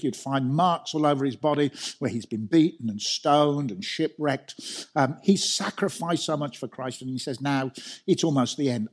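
Middle-aged Brummie man, husky voice, chatty preacher who restarts his lines a lot. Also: fairly high pitch, a little mellow. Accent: Birmingham. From Birmingham, England. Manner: conversational, self-deprecating storytelling with frequent restarts. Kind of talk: sermon.

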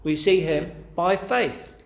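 Earnest preacher in an echoey room. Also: male voice, sits high, slow, vocal fry. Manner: earnest, pleading, rhetorical questions. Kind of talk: sermon.

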